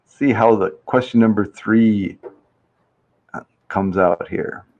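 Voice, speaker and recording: A man's voice: fairly low pitch, takes it slowly, a little mellow, dull audio. A man hosting a casual live-stream survey game, chatty and reading viewers' answers aloud with easy laughs. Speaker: livestream host running a survey game.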